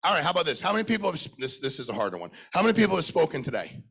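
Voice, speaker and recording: A middle-aged man giving a blunt, profane, high-energy sales talk to a live conference audience, questioning people in the crowd. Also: wildly swooping pitch, very fast, creaky, a bit bright, husky. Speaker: sales trainer speaking at a conference.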